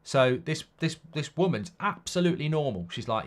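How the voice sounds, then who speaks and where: A man hosting a football watchalong stream. He chats casually, reads viewer comments aloud and rambles through stories in a blunt way, swinging between loud outbursts and low mutters. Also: big pitch swings, moderate pace. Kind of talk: live-stream casual chat.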